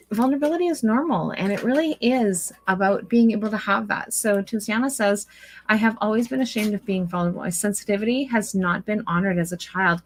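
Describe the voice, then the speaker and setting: A woman's voice: mid-range voice, a bit bright. A middle-aged woman, a mental health practitioner, hosting a live stream in a casual, earnest and rambling way with many fillers.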